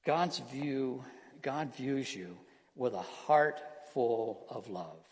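A man preaching an earnest sermon as pastor, slowing down and softening his voice on key words. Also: medium pitch. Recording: long hall reverb.

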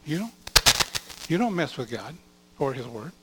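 A man preaching a sermon as a pastor, reading scripture aloud and swinging between loud declarations and hushed asides. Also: mid-range voice, big pitch swings, normal speed, very noisy. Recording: long hall reverb.

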